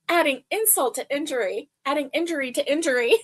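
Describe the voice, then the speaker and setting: Woman, crochet stream host, casual rambling chat, slightly high voice. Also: fast talker. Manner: rambling storyteller, chats with viewers.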